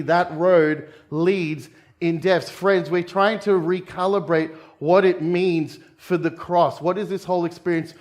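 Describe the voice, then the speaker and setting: A man from Australia, a pastor preaching a conversational sermon, asking the congregation questions and dropping jokey asides. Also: fairly high pitch. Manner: jokey asides with quick laughs.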